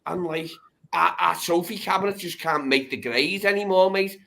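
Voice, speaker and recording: A man's voice: high-pitched, normal speed, vocal fry, sharp tone. A man joining as a guest, bantering with mild swearing and tag questions. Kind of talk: casual chat.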